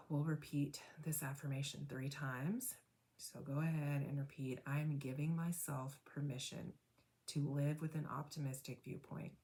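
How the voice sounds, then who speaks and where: A woman guiding a tapping meditation in a slow, soothing way, often asking "right?" and dropping to a breathy whisper for the affirmations. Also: low voice, dark tone.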